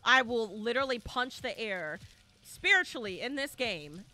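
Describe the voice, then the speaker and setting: A young woman streaming a horror game live, chatting to viewers and bursting into shouts and squeals. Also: a little high, animated, moderate pace. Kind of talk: live gameplay commentary.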